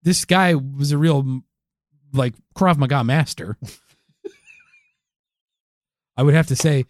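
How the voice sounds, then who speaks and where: A man co-hosting a comedy podcast, adding deadpan, mock-menacing bits to an improvised story. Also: medium pitch, moderate pace, no room sound, studio quality.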